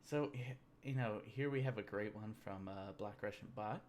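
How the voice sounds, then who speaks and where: A man's voice: lowish voice, normal speed, a little hiss or hum. A man hosting a casual livestream, rambling and joking about memes while drinking beer. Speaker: livestream host. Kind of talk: casual livestream meme commentary.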